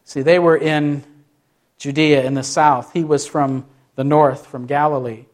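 A man's voice: a little high, steady tone, a little slow. A man, a pastor, preaching a sermon with many questions to the listeners and short acted-out quotes.

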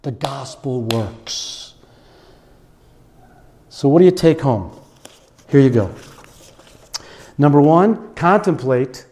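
A man preaching a sermon with passion, stretching key phrases slowly and breaking into a sung refrain. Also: on the high side, lively intonation, mellow. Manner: impassioned, sings a hymn refrain; drawn-out emphatic phrases.

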